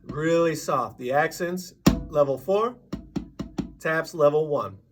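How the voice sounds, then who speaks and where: A man teaching a drum lesson, patiently explaining and counting sixteenth-note rhythms out loud. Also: a little high, slow, loud music behind the voice.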